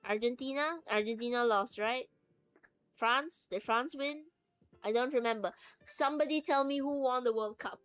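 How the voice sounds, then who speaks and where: Woman vtuber rambling on stream, kinda high voice, dry close sound. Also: normal speed, fairly bright tone, no echo. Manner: rambling, chatty, playful. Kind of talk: casual livestream chat. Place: at home, sitting on the floor.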